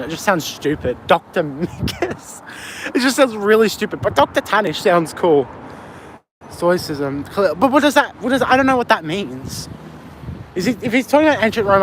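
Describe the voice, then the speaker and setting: A man's voice: high voice, very animated, a little fast. A man with an Australian accent livestreaming while walking a street at night, rambling and swearing as he answers chat. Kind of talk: casual live stream chat. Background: faint street and traffic ambience.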